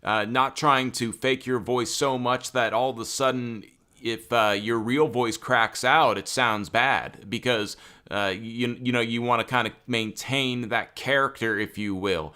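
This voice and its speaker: Young male co-host, bright crisp voice, chatty and loose, lots of fillers. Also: mid-range voice, unhurried. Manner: conversational, many fillers, animated when excited. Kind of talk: casual chat.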